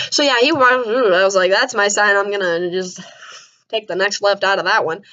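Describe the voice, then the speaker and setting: Young woman vlogger, animated storyteller who shrieks in disbelief, mid-pitched, muffled lo-fi audio. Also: unhurried. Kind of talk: casual storytelling to camera. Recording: dull lo-fi sound.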